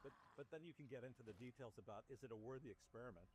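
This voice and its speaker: A man speaking as a guest physician in an interview, explaining in a measured way and often rephrasing. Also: medium pitch, a little mellow, slight background noise, low-quality recording. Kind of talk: interview discussion.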